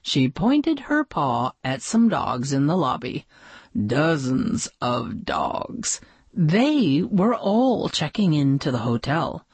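Brief: female narrator, gentle storybook read, slow and low-pitched. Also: very animated, breathy edge, dry recording. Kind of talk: reading a children's picture book aloud.

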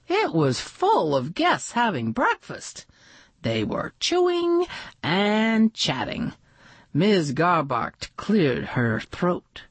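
A woman reading a children's storybook aloud in an expressive, lively way. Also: on the low side, slightly rough, dry recording. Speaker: storybook reader.

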